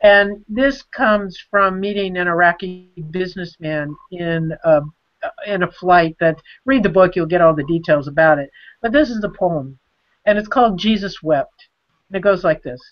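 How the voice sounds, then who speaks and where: An older woman, a nun and author, talking earnestly on a video call and reading her poetry slowly. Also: fairly low pitch. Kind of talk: video call book discussion. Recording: dull lo-fi video call audio.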